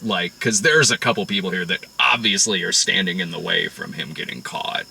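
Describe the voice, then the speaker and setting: A man hosting a casual movie review podcast, excitable and profane, often breaking into laughter. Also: low-pitched, moderate pace, vocal fry, breathy edge. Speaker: podcast host. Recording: distant mic.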